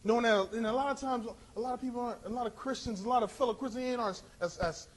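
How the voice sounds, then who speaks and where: Impassioned high-voiced male preacher. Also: a little hiss or hum. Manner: impassioned, rising to shouts, drawn-out emphasis. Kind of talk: sermon.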